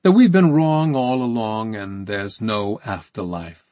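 A man's voice: fairly low pitch, unhurried, warm tone, no echo, dull audio, natural voice. A man voicing a sneering mocking interrogator. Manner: taunting and sarcastic. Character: menacing, mocking male interrogator.

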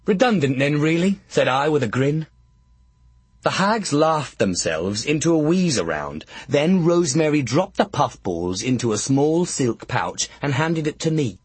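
Slow husky male audiobook narrator. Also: on the high side, big pitch swings, no room sound. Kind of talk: audiobook narration with character voices.

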